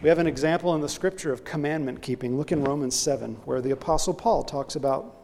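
A man's voice: on the high side, fast, gravelly, darkish tone, in a large hall, slight background noise. A man preaching a sermon, earnestly illustrating his point with a story.

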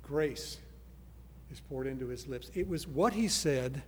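A man's voice: mid-range voice, expressive, unhurried, husky. Earnest man preaching in a reverberant hall. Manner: earnest, swings between soft pleading and loud emphasis. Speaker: pastor. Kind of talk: sermon.

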